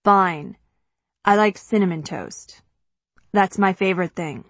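A woman's voice: medium pitch, unhurried, a bit bright, no echo. A woman reading an audiobook, voicing a laid-back, teasing teenage boy. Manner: easygoing, teasing.

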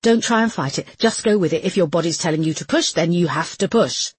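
A woman voicing a brisk woman police officer, speaking tersely and giving firm commands. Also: fairly low pitch, lively intonation, slightly rough, no room sound. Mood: steadying.

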